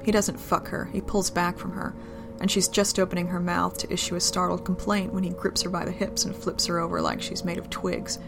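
Low-voiced, gravelly woman narrating a story. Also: little pitch movement, brisk, hardly any pauses, over music. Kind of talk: reading an adult romance story aloud.

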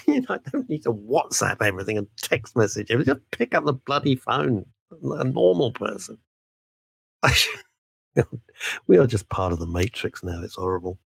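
A man's voice: lowish voice, normal speed, vocal fry, pauses often, slightly rough, no room sound. A man, a veteran broadcaster talking as a guest in a podcast interview, emphatic and full of asides. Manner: animated, emphatic, frequent laughs and asides.

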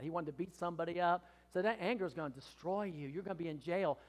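A high-voiced older man in his sixties preaching with earnest, emphatic conviction. His voice carries a long hall reverb, and his sermon swells into impassioned pleas. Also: fast talker. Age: 60s. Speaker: pastor. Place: church hall.

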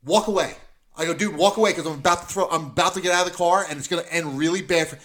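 A man's voice: a little high, fairly even intonation, racing, sharp tone. A middle-aged man telling heated, profane stories in a casual chat, acting out the people in them. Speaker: podcast co-host.

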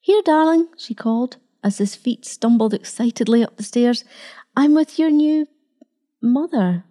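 An older grandmother speaking firmly and steadily, with a warm, low-toned voice, as a woman reads her lines. Her voice stays close to the narrator's own. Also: measured pace. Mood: calling. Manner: firm and steady. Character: older grandmother, firm and loving.

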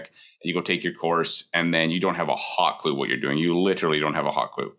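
A man's voice: sits low, steady tone, quick pace, pushed and bright. A man in his forties, a mortgage broker giving candid, conversational advice with emphatic repetition. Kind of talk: casual advice talk.

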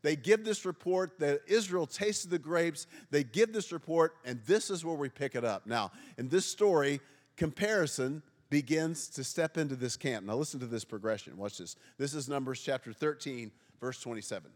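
A pastor in his fifties gives a humorous sermon to a congregation in a church sanctuary, joking at his own expense and quizzing listeners. His slightly high voice is animated at normal speed, with a big-room sound.

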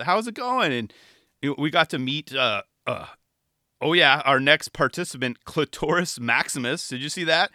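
A young man giving casual commentary on a dating show, animated and laughing, full of fillers. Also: mid-range voice, no echo, studio quality. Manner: animated, laughing, frequent "you know" fillers. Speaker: show reviewer.

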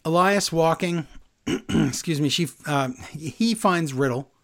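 A man's voice: on the high side, slow. A man co-hosting a casual chat, recapping events and acting out quotes with playful voices. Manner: animated, acts out quotes in voices. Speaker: podcast co-host recapping wrestling.

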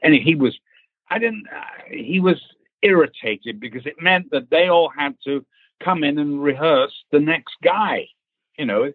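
A husky-voiced man spins a lively, profane showbiz anecdote, acting out the other people's lines as he goes. The sound is thin and phone-like, and the room is dry and close. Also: fairly high pitch, a little slow, no echo. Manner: animated storyteller who acts out quotes and laughs. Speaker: actor recounting a film casting. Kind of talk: casual anecdote, swearing freely. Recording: tinny phone-like line.

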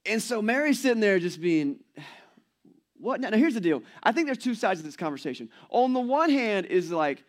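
A man in his forties preaching a sermon as pastor, in a conversational, playful way and acting out quoted voices. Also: high-pitched.

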